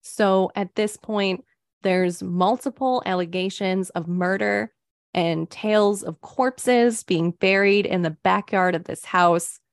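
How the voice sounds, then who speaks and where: A woman co-hosting a true crime podcast, unhurried and wry, dropping dry asides into the story. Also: mid-range voice, steady tone, no echo. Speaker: podcast co-host. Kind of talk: casual true crime chat.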